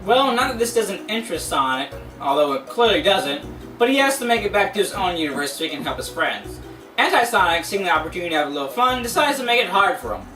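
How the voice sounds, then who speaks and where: A man's voice: sits high, big pitch swings, fast, sharp tone, roomy sound, far from the mic, soft background music, poor audio. A man narrating a comedic comic book review, full of sarcastic, mocking asides.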